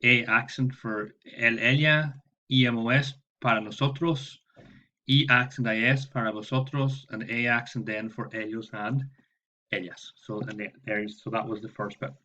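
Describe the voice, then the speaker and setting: A man's voice: medium pitch, fairly even intonation, moderate pace, bright, forceful tone, lo-fi sound. A man teaching Spanish, walking his class through homework and patiently spelling out verb endings letter by letter. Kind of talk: online homework walkthrough.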